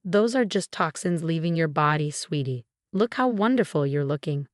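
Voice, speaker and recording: A woman's voice: sits low, animated, normal speed, no echo, clean studio sound. A woman voicing a pushy middle-aged mother who talks in a sweet, insistent sing-song. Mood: coaxing.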